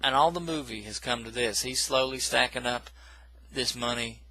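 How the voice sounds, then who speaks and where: A man's voice: mid-range voice, normal speed, bright, forceful tone, low-quality recording. A man casually recapping a film plot in a rambling, self-correcting way, with dismissive asides. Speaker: movie reviewer.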